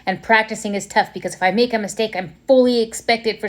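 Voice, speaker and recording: A woman in her fifties speaks in a personal, reflective monologue with a middle-pitched voice. She talks candidly and with feeling, often pausing, breaking off and restarting her sentences. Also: steady tone. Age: 50s. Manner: candid, emotional, with pauses and restarts. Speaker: vlogger.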